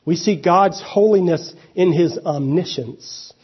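Male pastor, husky and high, preaching loosely over a dull lo-fi recording. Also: slow. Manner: conversational preaching with asides and restarts. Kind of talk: sermon.

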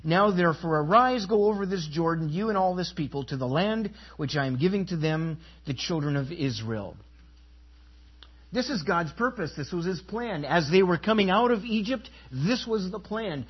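Preaching in a husky, slightly raised voice that sits high, this pastor stresses key phrases hard and tosses questions to the congregation. His intonation is lively and his speed normal, though the recording comes across dull and lo-fi.

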